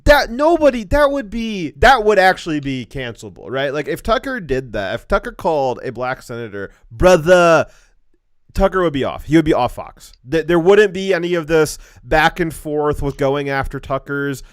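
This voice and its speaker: A man hosting a casual political commentary show, talking in animated bursts, often restarting his words and chuckling at his own points. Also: on the high side, moderate pace, few pauses, clean tone, no echo, clean studio sound. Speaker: show host.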